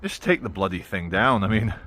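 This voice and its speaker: A man's voice: lowish voice, very animated, brisk, sharp tone, a little hiss or hum. A man walking through town streets and filming himself, giving wry, sarcastic running commentary as a YouTuber. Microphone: handheld camera mic while walking.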